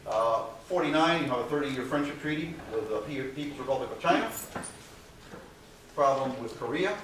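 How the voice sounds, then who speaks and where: A man's voice: mid-range voice, animated, moderate pace, fairly bright tone. Male lecturer in a very echoey hall. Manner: conversational, frequent "okay" and "uh" fillers, dry sarcastic asides. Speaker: university lecturer. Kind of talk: classroom history lecture. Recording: very echoey hall, far from mic, faint hiss.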